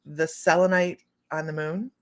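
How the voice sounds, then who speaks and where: A middle-aged woman hosting a psychic livestream, telling a long story in a rambling, casual way with many restarts and quick hellos to viewers. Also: low voice, little pitch movement. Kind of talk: casual chat.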